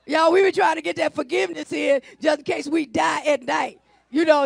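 A woman pastor preaching a sermon, swinging between hushed asides and shouted lines. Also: high-pitched, steady tone, a little fast, gravelly, no echo. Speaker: senior pastor.

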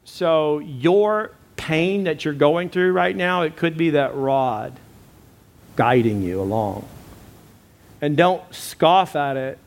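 Pastor, male, slightly raised pitch, emphatic preacher who repeats lines and addresses the congregation directly. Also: takes it slowly, gravelly. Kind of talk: sermon.

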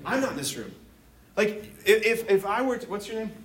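A priest giving a lively, joking talk to teenagers in a room, often stopping to ask the audience questions. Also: male voice, high-pitched, brisk. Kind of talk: interactive talk to teens. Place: room with a live youth audience.

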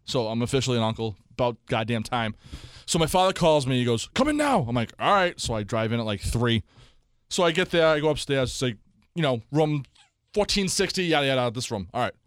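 A young man, co-hosting a casual sports podcast and telling an animated story in which he acts out the people in it. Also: medium pitch, brisk, smooth, no echo. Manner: animated storyteller, acts out quoted voices loudly. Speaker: podcast co-host.

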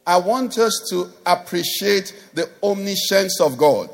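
High, gravelly pastor preaching. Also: male voice, lively intonation, measured pace. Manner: emphatic, call-and-response preaching. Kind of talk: sermon.

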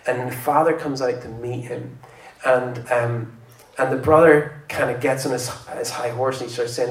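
Male preacher, conversational sermon delivery, mid-pitched voice picked up from a distance in an echoey hall with faint ambience. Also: moderate pace. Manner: conversational, animated when retelling stories.

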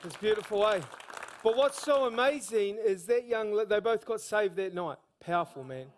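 A man preaching a sermon in a church service, telling stories in a lively, slangy, evangelistic way. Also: high voice, normal speed, a faint crowd. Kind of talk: sermon storytelling.

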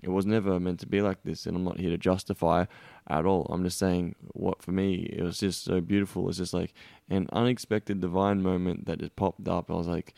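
Deep, gravelly intense man. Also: flat delivery, brisk, few pauses, warm tone, no echo, clean studio sound. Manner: intense, emphatic, swears freely. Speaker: podcast host. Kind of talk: casual podcast chat.

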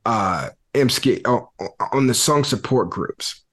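A man hosting a podcast, laying out his theories in a thoughtful, relaxed conversational way. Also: mid-range voice, takes it slowly, breathy edge. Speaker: podcast host. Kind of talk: casual conversation about hip-hop.

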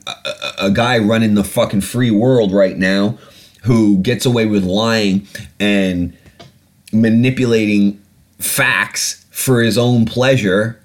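A man hosting a podcast, ranting animatedly and swearing freely in casual talk. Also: on the low side. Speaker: podcast host.

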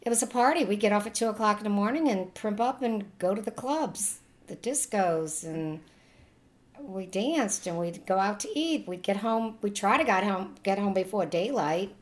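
A woman's voice: mid-range voice, animated, normal speed. Older Louisiana woman with a Cajun accent, chatty interviewee who laughs often. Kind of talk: oral history reminiscing.

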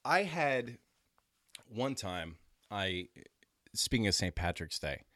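A man's voice: on the low side, slow pace, dry recording, clean studio sound. A man casually telling a long, profane story, slipping into other people's voices as he goes. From New York area. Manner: rambling, profane, animated anecdote with quoted voices. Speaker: podcast storyteller.

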